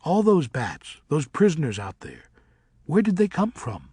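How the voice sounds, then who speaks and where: A headstrong young male bat, as a male narrator puts him on, a touch above the reader's usual voice. He sounds earnest and impatient, lively in pitch, with a husky tone. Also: a little slow, no echo, clean studio sound, exaggerated voice.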